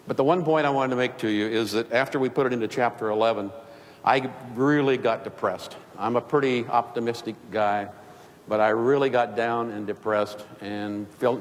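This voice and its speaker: A man's voice: mid-range voice, a little hiss or hum. An older man, a keynote speaker, telling folksy, humorous business anecdotes to an audience. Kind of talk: storytelling talk. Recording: reverberant hall, faint ambience.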